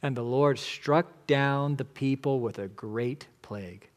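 A man preaching an expository sermon as pastor, emphatic, swinging between loud declarations and hushed lines. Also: mid-range voice, slow pace.

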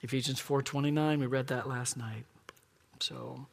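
A middle-aged man preaching a sermon in a church, earnest and emphatic, dropping to soft asides. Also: mid-range voice, steady tone, normal speed, creaky, long reverb tail. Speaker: pastor. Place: church sanctuary.

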